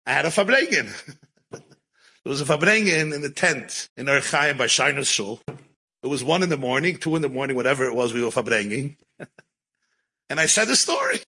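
Guy telling a long story w/ words mixed in, bright and kinda husky. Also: medium pitch, a little fast, pauses often, rough recording. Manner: animated, mixes Yiddish and Hebrew words into English. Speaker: rabbi and storyteller. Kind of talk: storytelling talk.

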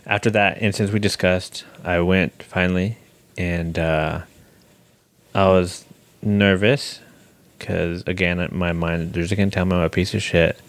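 A young man with a very deep voice talks candidly on a couple's podcast. He is blunt and self-deprecating and swears freely. His delivery stays casual. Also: fairly even intonation, a little slow. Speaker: podcast co-host.

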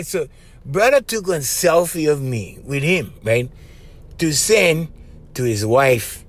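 A man with a Hawaiian Pidgin accent hosting his podcast, telling stories in a loose, laughing, animated way. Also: on the high side, unhurried. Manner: animated, laughs often, says bro constantly. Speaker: podcast host. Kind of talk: casual storytelling monologue.

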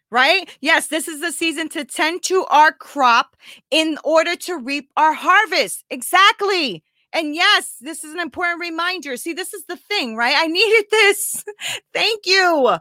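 High-pitched and sharp in tone, recorded without echo, a woman life coach pours her heart out to her audience live. She's on the verge of tears, raw and confessional, and peppers her talk with "right?".

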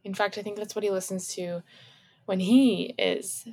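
A woman co-hosting a podcast in relaxed, casual chat, agreeable and quick with short affirmations. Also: mid-range voice, slightly rough. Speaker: podcast co-host.

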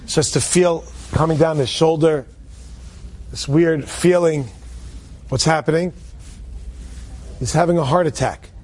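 Man, high voice, casual inspirational storyteller, loose and restarting, Hebrew words sprinkled in. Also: unhurried, long pauses, darkish tone. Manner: conversational, with frequent restarts and Hebrew and Yiddish terms.

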